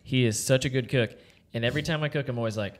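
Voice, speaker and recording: A man's voice: medium pitch, fast. A man co-hosting a casual podcast, prodding his guest with questions and joking along. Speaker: podcast co-host. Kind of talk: casual interview chat.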